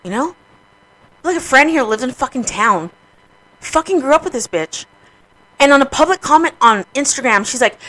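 A woman's voice: sits high, animated, normal speed, long pauses, fairly bright tone, rough recording. A woman hosting a casual radio show, talking candidly and profanely about grief and family. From New Mexico, USA.

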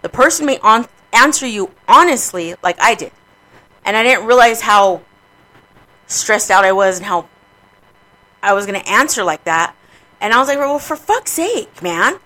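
Casting: woman radio host, bright, blunt, swears freely, casual chat. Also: medium pitch, expressive, normal speed, pauses often, rough recording. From New Mexico, USA. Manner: candid, profane, emotional about grief.

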